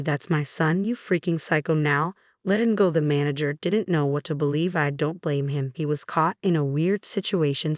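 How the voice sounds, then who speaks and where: A woman reading a first-person story aloud in a plain, steady storytelling manner. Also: low voice, dry recording, clean studio sound. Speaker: story narrator.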